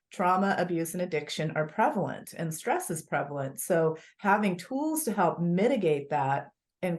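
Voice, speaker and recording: Low-voiced woman author telling stories earnestly. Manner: earnest, animated storytelling. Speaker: author and guest. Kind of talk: conversational interview.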